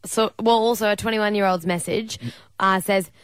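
A young Australian woman co-hosting a radio show, chatting in a lively, exclaiming way. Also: mid-range voice, moderate pace, smooth, no room sound. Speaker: radio co-host. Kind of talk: casual radio banter.

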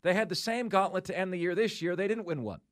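A man's voice: high voice, fast. A man hosting a sports talk show, emphatically rattling off schedules with mock disbelief.

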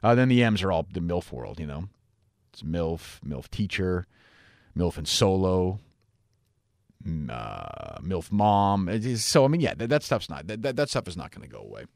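A man's voice: sing-song, moderate pace, vocal fry, darkish tone, dry recording, studio quality. A man hosting a podcast in a casual, rambling monologue, swearing freely as he answers listener mail. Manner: rambling and profane, with frequent fillers and wide swings in pitch. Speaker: podcast host.

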